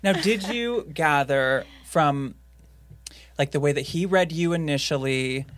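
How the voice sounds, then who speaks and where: A woman's voice: sits low, unhurried. A woman hosting a casual podcast interview, who mostly gives short reactions and asks questions. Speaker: podcast host.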